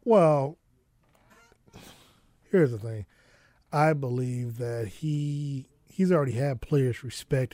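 A man's voice: medium pitch, mellow, no echo. A man co-hosting a sports talk radio show in a studio, talking in a laid-back, rambling way with many fillers.

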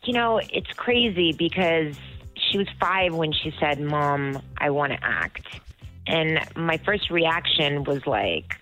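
A woman's voice: deep voice, expressive, slow pace, a bit bright, faint music behind, rough recording. A woman in her forties, a guest actress chatting enthusiastically in an interview. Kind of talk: interview answers.

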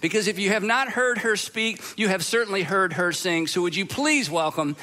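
Male pastor, conversational sermon delivery, bright and high-pitched. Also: animated, normal speed. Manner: conversational, with fillers.

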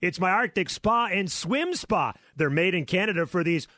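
A jokey Canadian hoser who drawls through his lines in a high voice, as a man puts him on for a comic radio ad. It sounds dry and close-miked. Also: animated, moderate pace, pushed and bright, dry recording, heavily acted. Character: jokey Canadian-sounding hot tub fan.

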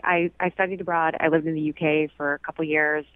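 A woman's voice: low-pitched, flat delivery, quick pace, no echo. A woman calling in to a radio show, blunt and mocking in her disbelief. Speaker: caller. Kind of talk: phone call on a radio show. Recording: tinny phone line.

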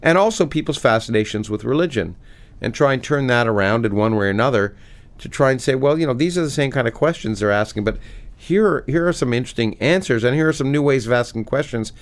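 Animated middle-aged man, restarting often. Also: medium pitch. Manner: animated, many restarts, reads a passage slowly. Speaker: physicist and author, guest. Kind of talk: conversational interview.

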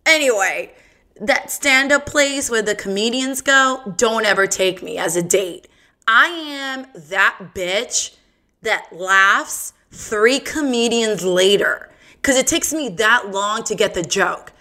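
A woman hosts her own podcast, reading off crude jokes and laughing at herself. Her voice is bright and fairly high, and she talks at an easy, drawn-out pace. The style is loose, giggly and bawdy. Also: lively intonation. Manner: giggly, bawdy, self-mocking joke telling. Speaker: podcast host. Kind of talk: casual solo podcast chat.

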